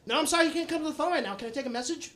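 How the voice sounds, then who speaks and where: A man's voice: very high voice, rapid-fire, very noisy, voice pushed up. A man impersonating his angry middle-aged mother, who scolds fiercely and then turns polite on the phone.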